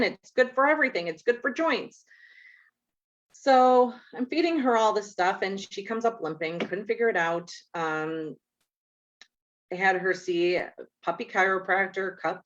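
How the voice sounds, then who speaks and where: Woman, nurse, lowish voice, casual storytelling, acts out dialogue, dull lo-fi recording. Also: a bit bright. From Chicago area. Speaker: nurse and natural health speaker. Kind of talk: casual talk. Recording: dull lo-fi sound.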